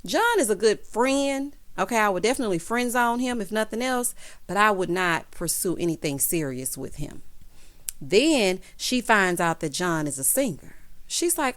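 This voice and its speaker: A woman's voice: medium pitch, expressive, moderate pace. A young adult woman giving a casual, sassy recap of a reality show, calling her viewers honey and baby and acting out what the cast said. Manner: acts out quoted lines in changed voices.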